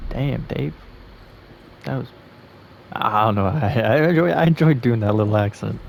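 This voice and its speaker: A man giving casual gameplay commentary in quiet, muttered asides. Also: mid-range voice, expressive, normal speed, gravelly, slight background noise.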